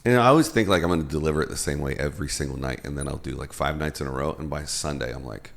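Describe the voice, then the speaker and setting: A man's voice: a bass voice, creaky, slight background noise. A man hosting a casual podcast chat in a studio, cracking jokes as he talks. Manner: fast-talking, joking. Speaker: podcast host.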